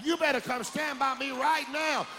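A man's voice: extremely high pitch, fairly even intonation, moderate pace, slight background noise, voice pushed up. A man voicing an exasperated mother who firmly scolds her small child. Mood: stern. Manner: stern, firm and loud.

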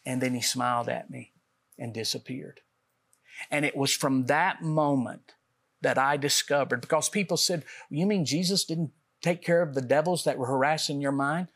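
A guest author on a talk show tells his personal testimony earnestly, acting out the conversations he recounts. His voice is middle-pitched and fairly bright, at normal speed.

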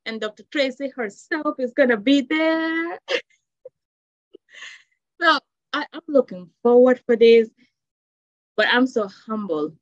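A woman from Africa, a children's book author, speaking in a heartfelt, halting way with many restarts in an interview. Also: sits high, no echo. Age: adult with children. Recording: dull dry lo-fi sound.

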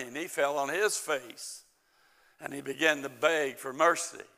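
A man's voice: a little high, vocal fry, bright, forceful tone. A male pastor preaching a sermon, retelling a parable and acting out the characters' lines.

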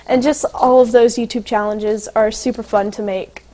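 Chatty high-voiced teenage girl. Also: moderate pace. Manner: chatty, filler-heavy, excitable storytelling. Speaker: guest, young singer and actress. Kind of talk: casual interview chat.

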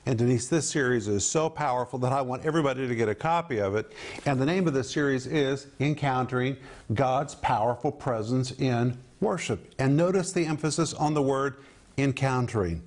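An older man hosts a televised Bible teaching with an earnest, emphatic delivery. His voice sits at an ordinary middle pitch. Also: fairly quick. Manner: earnest, emphatic, urging viewers.

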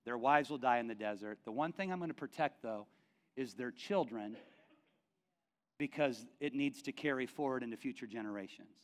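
A man preacher voicing God as a stern, solemn presence, grave and measured. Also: mid-range voice, voice pushed down, natural voice.

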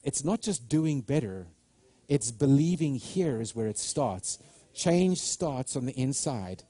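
Fervent preacher man, warm and dry. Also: medium pitch, animated, takes it slowly, no room sound. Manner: fervent, repeats and restarts words, quotes imagined voices. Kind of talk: sermon.

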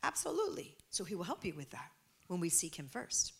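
A woman preaching a sermon with passion, moving from hushed, quiet asides to loud, emphatic exhortation. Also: on the low side, big pitch swings, brisk, gravelly, slightly rough.

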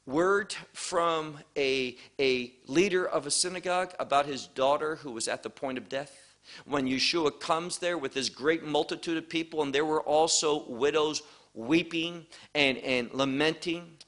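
A man teaching a Bible passage verse by verse, explaining Greek wording in a deliberate, measured way. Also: on the high side, a bit bright.

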